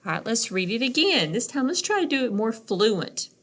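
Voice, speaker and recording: A woman's voice: fairly high pitch, very animated, normal speed, hardly any pauses. A middle-aged woman teacher giving a recorded reading lesson for young children, patiently sounding out words.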